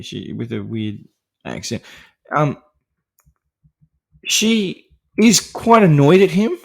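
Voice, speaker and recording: A man's voice: a little high, sing-song, slow, creaky, pauses often. A man hosting a podcast, talking through a film in a casual, rambling way with many fillers and restarts, laughing lightly between points. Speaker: podcast host discussing horror films.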